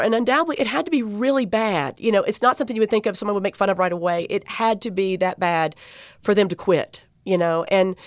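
A woman who works as a dental assistant, telling a personal patient story in an interview, heartfelt and animated, with many fillers and restarts. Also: medium pitch, no echo, studio quality.

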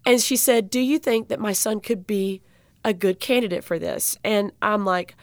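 Woman guest, animated storyteller, gets choked up, dry close sound. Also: fairly high pitch, normal speed, dry recording. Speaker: guest speaker. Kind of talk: storytelling interview.

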